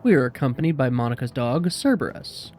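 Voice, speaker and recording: A man hosting a game playthrough, reading the text aloud with relaxed, self-mocking asides. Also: mid-range voice, a little fast, soft background music. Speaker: let's play host. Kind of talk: casual game narration and commentary.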